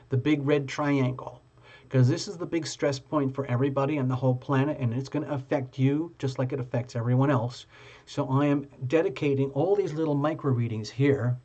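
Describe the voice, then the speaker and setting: Man, live-stream tarot reader, chatty, playful, mid-pitched, muffled lo-fi audio. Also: a little mellow. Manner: chatty, playful, addresses viewers directly.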